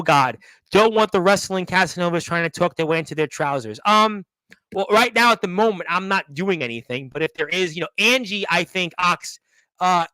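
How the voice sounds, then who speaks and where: Male stream host, high pitch, loose and teasing, dry mic. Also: sharp tone, no room sound, low-quality recording. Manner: rambling, playful, teasing the chat. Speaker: wrestling podcast host. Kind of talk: live-stream chat, reading comments.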